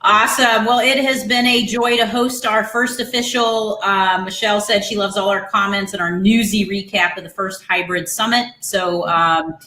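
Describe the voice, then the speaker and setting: A woman's voice: mid-range voice, fairly even intonation, moderate pace, few pauses, pushed and bright, a little hiss or hum. A woman hosting a casual webinar over a video call, upbeat and friendly, with many fillers. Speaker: webinar host. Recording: echoey room.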